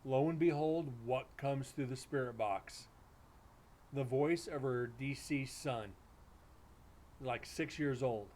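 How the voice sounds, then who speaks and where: A man's voice: mid-range voice, takes it slowly, pauses often, a little mellow, a little hiss or hum. A middle-aged man, a paranormal investigator, telling a story in a casual, rambling way on a live stream, full of restarts and acted-out dialogue.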